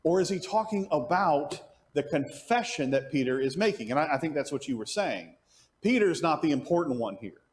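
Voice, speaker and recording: Animated man teaching a Bible class. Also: on the high side, normal speed. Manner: animated, asks the class questions and answers them; thinks aloud with frequent restarts. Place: church classroom.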